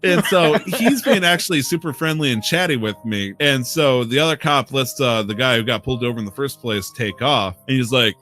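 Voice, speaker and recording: A man with a bright, forceful voice spins long, profane stories in a loose podcast chat, laughing as he goes. Faint music sits under his talk. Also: medium pitch, expressive, a little fast, hardly any pauses. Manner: rambling, profane storytelling with laughs. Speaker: podcast co-host. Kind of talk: casual chat.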